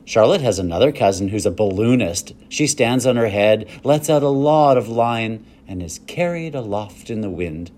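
A man's voice: on the low side, animated, normal speed, few pauses, a little mellow, voice pushed up, close to an everyday voice. A man reading aloud and voicing an imaginative young farm girl, earnest and eager as she tells her tales.

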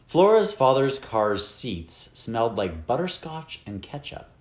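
A man reading a children's novel aloud with expressive, wide-ranging storytelling. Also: medium pitch, measured pace, echoey room. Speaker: audiobook narrator. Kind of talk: scripted narration.

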